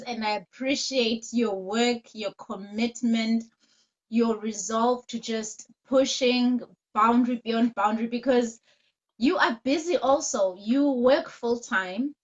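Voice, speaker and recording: Slow-talking woman host on a video call. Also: fairly high pitch. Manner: warm, encouraging praise. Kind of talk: online interview chat. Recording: dull lo-fi call audio.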